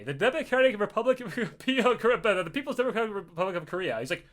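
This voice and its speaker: High bright-voiced man telling a story. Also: animated, quick pace, few pauses. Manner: swears often, acts out voices, laughs mid-sentence. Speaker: podcast host telling a story. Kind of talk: casual comedic storytelling.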